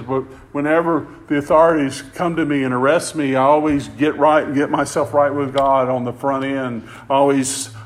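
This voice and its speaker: A man preaching a sermon with passion. He climbs louder and higher to stress a point and often repeats words as he goes. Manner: impassioned, rising in pitch and volume for emphasis, repeats words.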